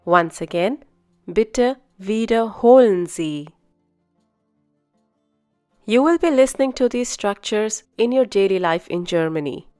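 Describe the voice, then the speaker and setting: A woman teaching a beginner language lesson, speaking slowly and carefully and repeating each phrase. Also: mid-range voice, animated, warm tone, faint music behind. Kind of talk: scripted language lesson narration.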